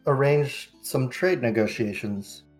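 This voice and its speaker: A man voicing a confident, smug male lion merchant in a relaxed, self-assured way. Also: medium pitch, slow pace, soft background music, natural voice.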